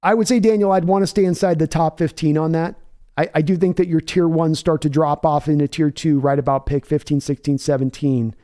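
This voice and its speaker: A man hosting a live football stream in a casual, chatty way, answering viewers by name and thinking his analysis out loud. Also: on the high side, steady tone. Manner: measured, thinking-aloud analysis with restarts. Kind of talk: casual live-stream football talk, reading chat aloud.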